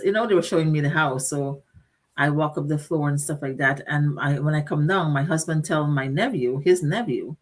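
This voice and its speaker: A middle-aged woman hosts a motivational talk show in a somewhat low voice. She speaks earnestly and directly, asking her listeners questions and stacking up repeated phrases. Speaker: host.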